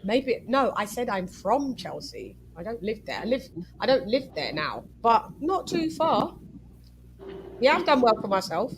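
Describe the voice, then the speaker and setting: A woman's voice: fairly high pitch, very animated, a little slow, slight background noise. A woman from West London with a London accent, hosting a casual talk panel and chatting with lots of restarts and "you know"s. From West London, England. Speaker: host of an online talk panel. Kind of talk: casual chat.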